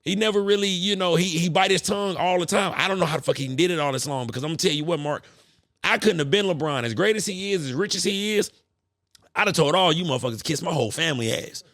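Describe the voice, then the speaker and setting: Fast-talking profane podcast host, man. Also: fairly high pitch, no echo, clean studio sound. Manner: profane, animated ranting. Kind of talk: casual monologue.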